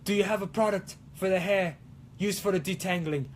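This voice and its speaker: A man's voice: high voice, steady tone, normal speed, a little hiss or hum. A young man hosting a casual cosplay livestream, rambling goofily through viewer comments in a hammy put-on Italian accent. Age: young adult. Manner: goofy, rambling, self-mocking. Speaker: cosplay show host.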